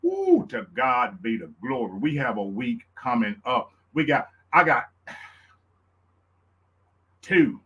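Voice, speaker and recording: A man with a Louisiana Southern accent hosting his own live show, hyped and preacherly, repeating lines and whooping up high. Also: huge pitch swings, slow pace, long pauses, a bit bright, slightly rough. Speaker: show host. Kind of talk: excited live-stream talk.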